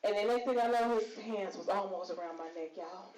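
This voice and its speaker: A woman's voice: mid-range voice, a little fast. A woman doing open-mic stand-up comedy, brash and profane, teasing the crowd and laughing through her own jokes. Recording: echoey room with loud crowd.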